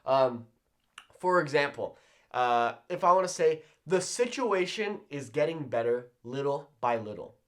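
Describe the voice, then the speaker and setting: A man teaching a Spanish lesson at a whiteboard, checking in with "okay?" after nearly every point and slowing down on example phrases. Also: on the high side. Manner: animated, repeats "okay?" often, slows down on example phrases. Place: classroom-style room with whiteboard.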